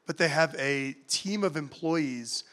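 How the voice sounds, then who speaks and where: A man's voice: a little high, slow pace, fairly bright tone. A man on a conference panel who speaks earnestly, with frequent uhs and restarts. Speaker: panelist, former state official. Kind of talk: panel discussion answer. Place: conference stage before an audience.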